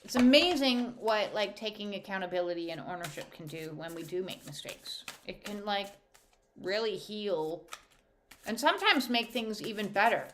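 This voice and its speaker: A woman's voice: mid-range voice, expressive, moderate pace, slight background noise. A woman speaking as an intuitive counsellor, giving a heartfelt spiritual guidance talk with emphatic repetition.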